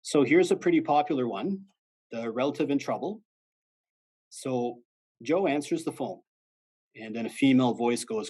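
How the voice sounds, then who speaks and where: Husky-voiced man giving a fraud talk. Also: mid-range voice, lively intonation, moderate pace, a little mellow, poor audio. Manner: conversational and plain-spoken, acts out quoted callers. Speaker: fraud-awareness presenter, former police officer. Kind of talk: informal educational presentation.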